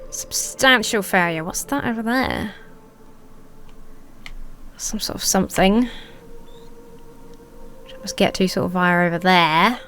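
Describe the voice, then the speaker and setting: A woman's voice: medium pitch, a little slow, pauses often, a bit bright, slight background noise. A woman giving rambling, chatty let's play commentary, talking to herself as she plays. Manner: rambling, chatty self-talk while playing. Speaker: gaming video creator.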